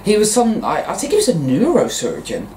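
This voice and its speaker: A woman's voice: mid-range voice, wildly swooping pitch, fairly quick, dark tone. A woman vlogging at home, speaking her mind in a rambling, frank way and swearing freely. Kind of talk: casual monologue to camera. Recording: roomy echo, faint background noise.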